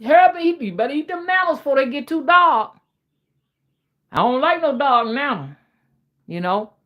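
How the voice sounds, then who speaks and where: A woman's voice: high voice, lively intonation, moderate pace, muffled recording, pitched above the performer's own voice. A woman putting on her old Southern father's Geechee speech, bossy and fussy as he hurries a girl along. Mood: fussing. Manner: scolding, hurrying someone along.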